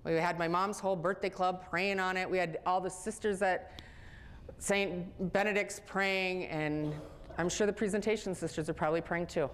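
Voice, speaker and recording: A middle-aged woman telling a personal story in an animated way, often laughing as she speaks. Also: lowish voice, moderate pace, a little hiss or hum.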